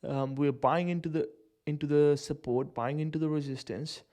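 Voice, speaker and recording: A man's voice: a little high, steady tone, normal speed, warm tone. A man giving casual live commentary on a day-trading stream, swearing, using slang and laughing often as he talks through charts.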